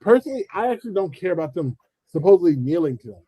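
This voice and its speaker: A man's voice: sits high, very animated, very fast, dark tone, husky, no echo, rough recording. A man hosting a casual commentary chat, talking animatedly and acting out quoted voices with frequent restarts. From United States. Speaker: channel host.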